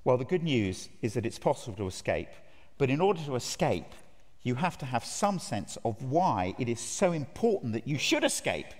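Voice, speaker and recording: A man's voice: medium pitch, very animated, moderate pace, darkish tone. A man preaching a sermon at a conference, earnest and emphatic, putting direct questions to his listeners. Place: large conference hall. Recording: reverberant hall.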